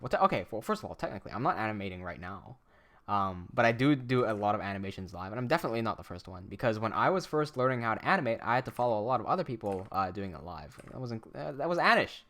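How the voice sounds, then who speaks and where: A man's voice: mid-range voice, lively intonation, fast talker, fairly bright tone. A young man animator chatting casually on a livestream; he reads the chat aloud, laughs often and swears a lot. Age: young adult.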